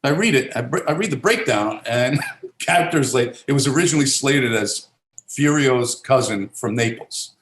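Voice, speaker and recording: A man's voice: mid-range voice, lively intonation, normal speed, fairly bright tone, echoey room, slight background noise. A middle-aged man from Italy, raised in New Jersey, talking casually as an actor guest, rambling with many fillers and restarts. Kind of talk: casual interview talk.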